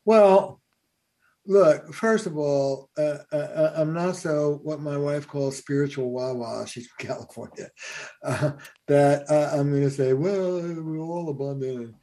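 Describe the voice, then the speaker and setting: A man's voice: on the high side, mellow. A man who is a family therapist, speaking as a guest in a reflective conversation with frequent hesitations. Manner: many halting fillers and restarts.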